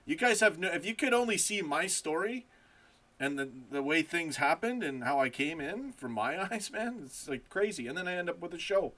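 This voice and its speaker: A man hosting a casual football live stream from home, excitable, swearing and laughing as he chats. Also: a little high, normal speed.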